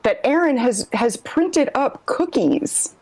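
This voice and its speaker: A woman's voice: high voice, animated, slow pace, a little mellow. A woman co-host telling a rambling, self-deprecating comedic story, often laughing through her lines.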